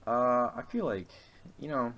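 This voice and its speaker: A man's voice: mid-range voice, animated, a little slow, fairly bright tone. A young man co-hosting a casual podcast chat. He rambles, hesitates and swears often. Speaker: podcast co-host.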